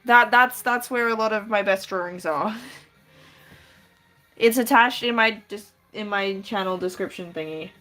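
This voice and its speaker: A woman's voice: mid-range voice, measured pace, pushed and bright, soft background music. A woman casually chatting on a live stream while she draws, giggling often and answering viewers with lots of restarts. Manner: giggly, chatty, reads chat aloud and answers with many restarts.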